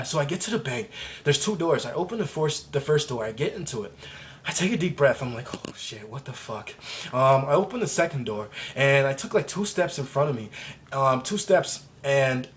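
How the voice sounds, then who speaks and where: A young man vlogging to camera, telling a rambling, profane story with lots of laughter and exaggeration. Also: mid-range voice. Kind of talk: casual comedic storytelling to camera.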